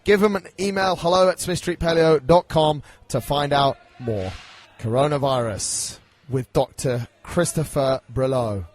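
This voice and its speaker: A man's voice: fairly high pitch, measured pace. A man hosting a podcast, upbeat and chatty as he introduces the show and interviews a guest. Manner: upbeat, chatty, reads sponsor plug. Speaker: podcast host.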